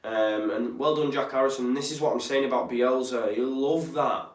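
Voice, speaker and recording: A man's voice: medium pitch, fairly even intonation, normal speed, distant mic. A young man hosts a live football watch-along, chatting casually, reading viewer comments, and sounding tired. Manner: chatty, reads out viewer comments, frequent ums and apologies. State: tired, yawning. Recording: roomy echo, speaker off-mic.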